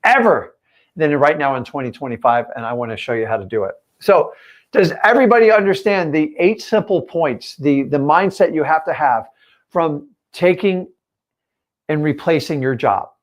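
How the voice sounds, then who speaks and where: This man coaches viewers on a live stream as a real estate coach, speaking right at them and stressing each point bluntly. His voice is pitched somewhat high for a man, with lively intonation and a moderate pace.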